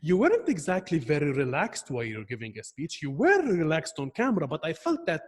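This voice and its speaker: A man's voice: fairly high pitch, wildly swooping pitch, long reverb tail. Earnest young man giving feedback. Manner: earnest, halting with restarts. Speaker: speech evaluator. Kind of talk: online club speech evaluation. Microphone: video call.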